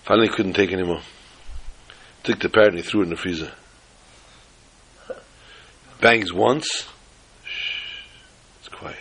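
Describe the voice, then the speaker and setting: A man teaching an informal Torah class, telling jokes and stories with lively jumps in pitch for emphasis. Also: moderate pace, pauses often, slightly rough. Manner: animated storyteller who jumps to high pitch for emphasis.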